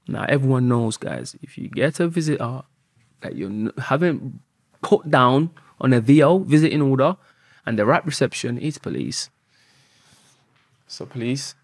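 A husky-voiced man tells a story on a podcast, lively and full of swearing. The sound is dry and close, with no room around it. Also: mid-range voice, normal speed, pauses often, no echo. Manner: animated, swears often, acts out quotes. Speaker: podcast guest.

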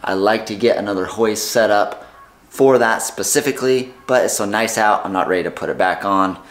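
A man's voice: lowish voice, fairly quick. A man in a home garage, chatting casually and thinking aloud as he works on a project. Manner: relaxed, chatty, thinking aloud while working. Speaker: DIY vlogger.

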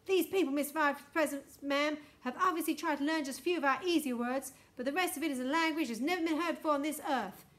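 Woman voicing a nervous male interpreter, polite, fussy, highish. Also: fast talker, hardly any pauses, a bit bright.

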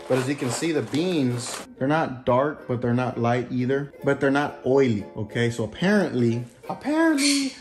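Chatty man in an echoey kitchen. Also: medium pitch. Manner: rambling, chatty, self-interrupting. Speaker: vlogger. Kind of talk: casual home vlog. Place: home kitchen. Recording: echoey room with music playing.

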